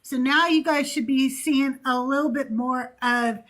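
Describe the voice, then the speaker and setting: Woman host, casual chat, laughs a lot, slow, high voice. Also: steady tone, fairly bright tone. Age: older.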